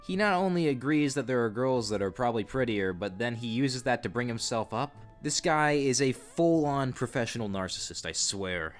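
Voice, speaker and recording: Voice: medium pitch, expressive, normal speed, few pauses, soft background music. A YouTube narrator reading chat logs with exasperated, sarcastic commentary.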